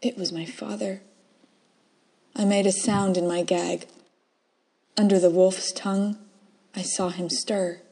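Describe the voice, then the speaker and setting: A woman reading her own first-person short story aloud, soft and measured, dropping to whispers in quiet moments. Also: lowish voice, steady tone, vocal fry, slightly rough.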